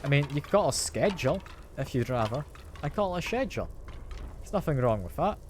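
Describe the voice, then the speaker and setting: A man's voice: fairly high pitch, animated, racing, darkish tone, a little hiss or hum. A man streaming a game, chatting casually with his chat and playfully defending how he says a word. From Britain.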